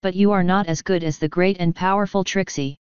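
A woman's voice: lowish voice, fairly even intonation, a little fast, darkish tone, smooth, no echo, natural voice. A woman voicing a boastful female unicorn showmare who speaks of herself in the third person, in a storybook reading. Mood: haughty. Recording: dull lo-fi dry recording.

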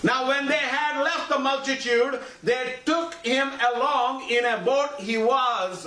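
In a church sanctuary, a male pastor with an extremely high-pitched, sharp voice preaches a sermon in call-and-response style, repeating emphatic lines and often asking the congregation for agreement. The recording is echoey, with the mic far off and a faint hiss.

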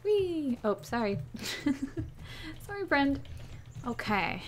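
A chatty woman with a fairly high voice gives casual play-by-play commentary on a horse-riding game. She giggles often and talks to herself, and her voice is slightly hoarse. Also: a little slow, slight background noise. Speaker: gaming YouTuber.

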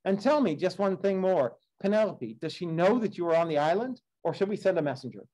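A devoted old servant greets his master with eager, overjoyed words, as a man reads him aloud. The voice is lifted higher than the reader's usual and stays mellow. It is read with a little extra push, like a class reading of an epic poem. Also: lively intonation, a little fast, low-quality recording. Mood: joyful.

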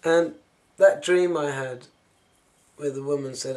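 A man's voice: a little high, slow pace. A man musing casually to camera about spiritual dimensions, wandering from thought to thought and trailing off. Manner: musing, wandering, with soft laughs and trailing-off phrases. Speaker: spiritual vlogger.

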